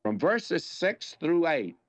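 A man's voice: fairly high pitch, sing-song, takes it slowly. An older man with a Southern US accent, teaching the Bible on the radio in a folksy, anecdotal way with dramatic emphasis. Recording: dull lo-fi radio recording.

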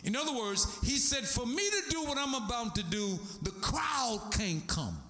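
A man's voice: very high voice, big pitch swings, normal speed, reverberant, music in the background. A man preaching a sermon, calling to the congregation for responses and breaking into song.

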